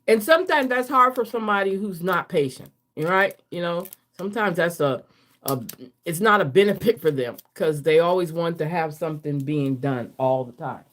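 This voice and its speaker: A woman's voice: on the low side, expressive, normal speed, a bit bright. A woman hosting a live card reading, laughing often, reading affirmations aloud and answering herself with repeated yeses. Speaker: card reader.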